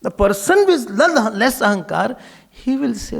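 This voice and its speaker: A man's voice: very high voice, sing-song, moderate pace, creaky, a bit bright. A man with an Indian English accent giving a sermon as a swami, repeating key phrases for emphasis and slipping Hindi words into his English. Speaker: swami giving a spiritual talk.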